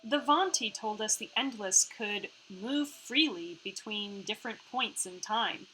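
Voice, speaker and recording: A woman's voice: mid-range voice, measured pace, slight background noise, low-quality recording. A woman streamer reading a story game aloud and chatting about it in a playful way. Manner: playful, chatty, reacts with excitement.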